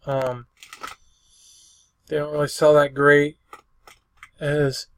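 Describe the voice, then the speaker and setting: A man's voice: fairly high pitch, flat delivery, slow, a bit bright, slight background noise. An older man casually rambling through the items he resold, listing what he paid and what each sold for in a folksy way. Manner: rambling, folksy, lists prices and dates. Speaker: eBay reseller. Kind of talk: casual show-and-tell vlog.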